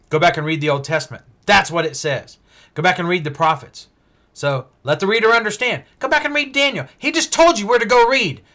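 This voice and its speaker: A male preacher giving a Bible-teaching sermon, emphatic and full of rhetorical questions, swinging between loud stresses and hushed asides. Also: high voice.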